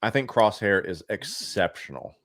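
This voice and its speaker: A man's voice: lowish voice, animated, normal speed, fairly bright tone, no room sound, clean studio sound. A man from Cincinnati, co-hosting a casual podcast chat, blunt and opinionated, swearing freely. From Cincinnati, USA. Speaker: co-host.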